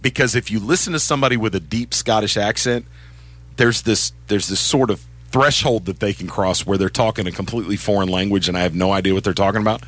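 A man co-hosting a sports radio show, chatting casually in an animated, self-deprecating way. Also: on the low side, fast talker.

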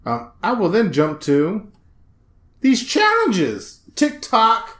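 Podcast co-host, male, lively swooping delivery, laughs a lot, echoey room. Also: sits high, takes it slowly. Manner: animated, laughs a lot, acts out voices in stories. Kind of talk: casual comedic chat. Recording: roomy echo.

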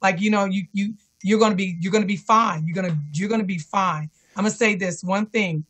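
On a remote call, a woman who is a cancer survivor and fitness instructor earnestly tells an interviewer her personal story. Her medium-pitched voice is husky, a bit bright, and brisk, and she often repeats encouraging self-talk.

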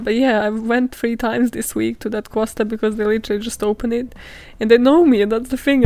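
A woman's voice: on the high side, a little mellow, dry recording. A woman hosting a solo podcast, ranting bluntly in a rambling, sweary, casual way. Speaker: podcast host.

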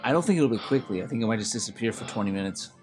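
Fast-talking joking podcast guy. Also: on the low side, lively intonation, a little mellow, soft background music. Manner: quick, joking, drinking along. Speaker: podcast co-host. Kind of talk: casual chat.

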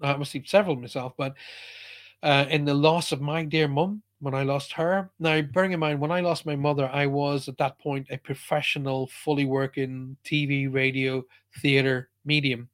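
A man's voice: a little high, fairly even intonation, normal speed. A man, a psychic medium answering a listener's question and telling a personal story in an earnest, emphatic way, often restarting his sentences. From Ireland.

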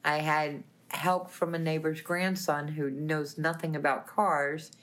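A woman with a fairly low voice tells a lively story, acting out the lines of each person. She talks in a plainspoken, animated way as a guest on a talk show. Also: unhurried. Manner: animated, laughing, plainspoken retelling. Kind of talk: lively storytelling with quoted dialogue.

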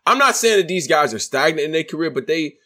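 A man's voice: a little high, expressive, fast, sharp tone. A man co-hosting a casual chat about battle rap, laid-back and opinionated, talking in slang.

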